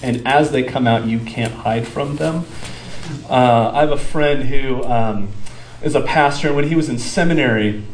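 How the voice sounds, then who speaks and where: A pastor delivers a sermon in a relaxed, conversational way, often pausing on fillers as he searches for the next phrase. His mid-pitched voice rings around a reverberant church sanctuary, with faint ambience underneath. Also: slight background noise. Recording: echoey room with faint ambience.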